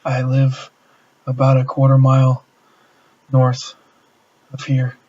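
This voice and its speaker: A man plays a panicked farmer who stumbles over his words. The voice stays flat and slow. It comes through dull lo-fi stream audio. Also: medium pitch. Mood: frantic. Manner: stammering, frantic. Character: panicked male farmer, distraught.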